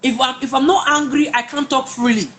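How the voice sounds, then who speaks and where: A woman's voice: sits high, fairly even intonation, brisk, fairly bright tone, a little hiss or hum. A woman, a guest telling her personal story emphatically, often repeating words and restarting. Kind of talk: personal testimony in a conversation.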